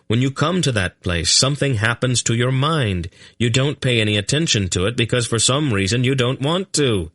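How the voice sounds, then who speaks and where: Narrator voices an urgent, earnest young man, low base voice lifted higher, dry read. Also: lively intonation, moderate pace, fairly bright tone, no room sound. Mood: pleading. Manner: urgent, raises voice when calling. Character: young man, earnest and pleading with his grandfather.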